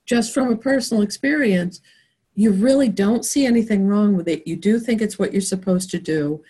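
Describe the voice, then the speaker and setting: A woman's voice: medium pitch, normal speed, dark tone, slightly rough, rough recording. A woman podcast host talking in an earnest, reflective way in a casual conversation.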